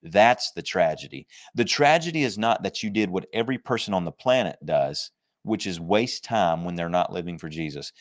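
A man preaching a sermon, emphatic and conversational, slowing down to stress scripture verses and joking with his listeners. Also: low-pitched, animated. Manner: jokes and laughs with the congregation.

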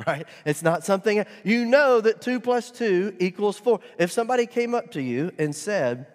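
A man's voice: sits high, sing-song, moderate pace, hardly any pauses. Man preaching in an echoing hall. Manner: preaching with rising, emphatic bursts and humorous asides. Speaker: pastor. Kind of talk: sermon. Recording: long hall reverb.

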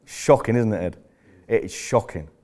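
A man's voice: on the low side, moderate pace, mellow. Rambling, jokey older man swearing freely. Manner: rambling, profane, jokey storyteller. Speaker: podcast host. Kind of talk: casual chat.

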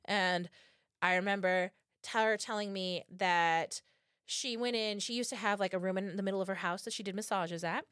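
A woman's voice: mid-range voice, normal speed, clean tone, no echo, clean studio sound. A woman in her thirties, co-hosting a podcast, telling stories in casual chat, swearing freely and acting out what people said. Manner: profane, animated storytelling with acted-out quotes. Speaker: podcast co-host.

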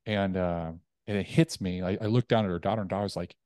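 Guy with a lowish voice telling his story, dry close sound, acts out what people said. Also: brisk, clear, resonant tone, dry recording. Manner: candid, animated retelling with acted quotes. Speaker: podcast guest. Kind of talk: personal storytelling.

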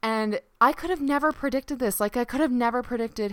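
Bright, crisp-voiced woman chatting casually. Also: on the high side, brisk, few pauses, no echo, studio quality. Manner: chatty and animated, swears freely, lots of "like". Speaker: podcast host and coach. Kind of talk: casual solo podcast monologue.

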